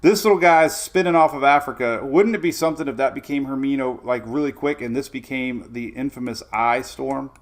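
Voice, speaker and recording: A man's voice: medium pitch, fairly quick, few pauses. A middle-aged man hosting a casual weather livestream, rambling energetically and greeting viewers by name.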